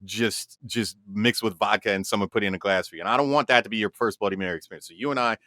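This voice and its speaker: A man co-hosting a casual podcast, his voice bright and forward in a dry, close-sounding space. He talks with animated energy, tripping over restarts, then leans into slow, dramatic delivery when he tells a story. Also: fairly low pitch, no room sound. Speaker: podcast co-host.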